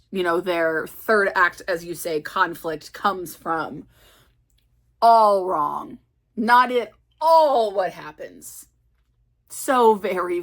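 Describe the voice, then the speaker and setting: A woman's voice: lowish voice, a bit bright. A woman talking casually in a book vlog, chatty and self-mocking as she rambles about her reading. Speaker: book vlogger.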